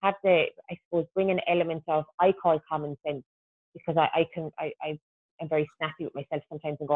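A woman's voice: deep voice, flat delivery, quick pace, no room sound. Woman on a tinny phone line. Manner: chatty, practical, self-deprecating. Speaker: podcast guest. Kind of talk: casual podcast chat.

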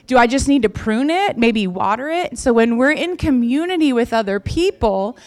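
A woman's voice: on the high side, expressive, normal speed. A woman pastor giving a sermon in a conversational way, repeating key phrases for emphasis.

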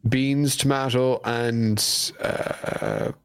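A man's voice: medium pitch, wildly swooping pitch, very slow, vocal fry, smooth, no echo, studio quality. An Irish man from Ireland, a guest in a casual chat, telling stories in a rambling way and often correcting himself. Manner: rambling, self-correcting storyteller.

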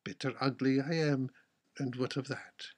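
A man voicing a stubborn, calm poor fisherman. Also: medium pitch, normal speed, natural voice. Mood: steady.

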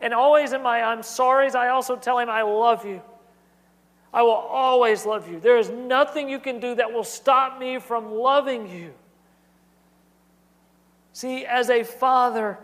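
An earnest man in his thirties delivers a sermon with a notably high voice. He preaches in a repetitive, building cadence, and his words ring out with a long reverb, as in a church sanctuary. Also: unhurried, a bit bright. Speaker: pastor.

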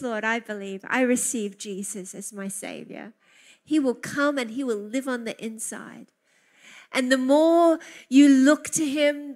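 A woman with a high, bright-toned voice preaches a sermon. She speaks slowly and with fervent emphasis, and she often repeats words of praise.

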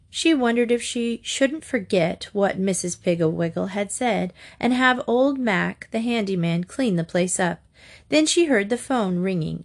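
A woman narrating a children's storybook aloud in a measured, expressive reading. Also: mid-range voice. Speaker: audiobook narrator.

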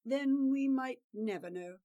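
A woman voicing a stern, loyal male guard captain who speaks gruffly and deliberately in a storybook reading. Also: high-pitched, warm tone, dull audio, voice pushed up. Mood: grave.

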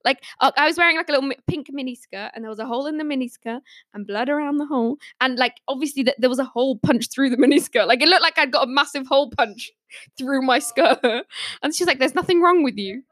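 A woman's voice: sits high, fast, fairly bright tone, no echo, studio quality. A young woman on a podcast panel, casually telling stories and laughing often as she talks. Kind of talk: casual storytelling.

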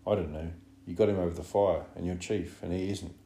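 A man's voice: low voice, fairly even intonation, fairly quick, warm tone. A man reading an audiobook, voicing an anxious, fussy schoolboy who pleads earnestly. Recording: roomy echo.

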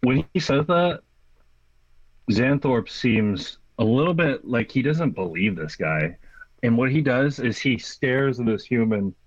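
A man describing actions in a tabletop game, slow and hesitant, with a lively pitch. The sound is roomy and a bit dull. He sounds relaxed.

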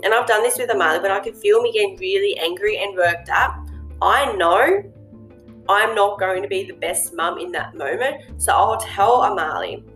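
Faint music plays behind a woman hosting an informal monologue in a bright-ish, mid-range voice. She's animated and brisk yet earnest and reflective, with frequent ums and you-knows.

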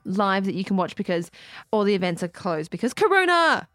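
A woman's voice: mid-range voice, big pitch swings, fairly quick, a bit bright, no room sound, clean studio sound. Giggly woman hosting radio. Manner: giggly, rambling, playful banter. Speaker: radio host. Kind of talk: casual radio chat.

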